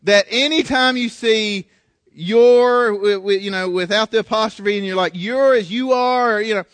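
Halting, high-voiced preacher man. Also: no room sound. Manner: halting, repeats words, animated asides. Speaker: pastor. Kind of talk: sermon. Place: church.

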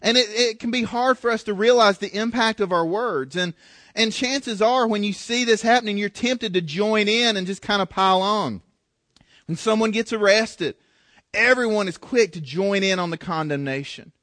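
Male pastor, high voice, dry close sound, halting delivery with repeated words, sermon to a church. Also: a bit bright, dry recording.

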